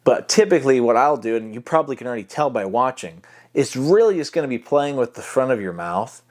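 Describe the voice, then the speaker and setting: A voice-acting coach with an animated, brisk, mid-range voice records a casual tutorial vlog. Speaking into a close mic that he sometimes touches, he explains technique in loose, demonstrative talk packed with fillers.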